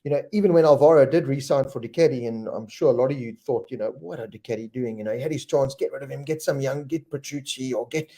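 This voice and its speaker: Male live-stream host, casual and chatty, warm darker tone, reads fan comments aloud. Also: mid-range voice, fast, few pauses. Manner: chatty, reads viewer names and questions aloud.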